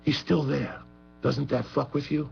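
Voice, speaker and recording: A man's voice: medium pitch, level tone, measured pace, creaky, a little mellow. A man talking as a guest on a radio show, rambling, profane and emphatic. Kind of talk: heated profane talk radio chat. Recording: muffled radio broadcast with faint hum.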